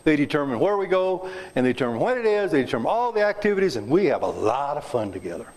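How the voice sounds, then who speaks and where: A man's voice: on the high side, big pitch swings, fast, darkish tone. A man in his seventies from Kansas, giving a folksy, joking talk to a club and quizzing the audience. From south central Kansas, USA. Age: 70s. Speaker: guest speaker. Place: club meeting room.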